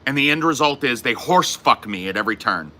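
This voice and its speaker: A man's voice: mid-range voice, lively intonation, brisk, bright, forceful tone. A man on a podcast ranting in a casual, profane, angry monologue, saying he is fed up and mad. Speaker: podcast host.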